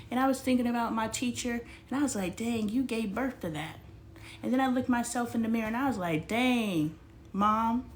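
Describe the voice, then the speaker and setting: A woman's voice: fairly high pitch, slight background noise. Blunt, preachy woman coach. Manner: blunt, preachy, swears for emphasis. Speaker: life coach. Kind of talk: casual spiritual talk and Bible reading.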